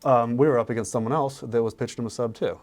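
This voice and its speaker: A man who invests in real estate, talking casually on a podcast and acting out sales pitches with animation. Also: steady tone, fast, a little mellow.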